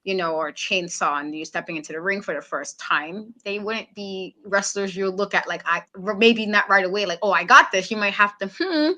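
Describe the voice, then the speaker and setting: A woman's voice: mid-range voice, steady tone, brisk, few pauses, bright, forceful tone. A woman on a wrestling aftershow panel, talking casually and animatedly, acting out her own reactions. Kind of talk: casual chat.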